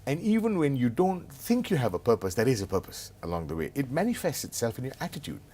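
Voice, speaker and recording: A man's voice: mid-range voice, big pitch swings, fast talker, mellow. A middle-aged man, a consultant telling humorous, self-mocking anecdotes in a conversational interview. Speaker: business consultant and author as guest.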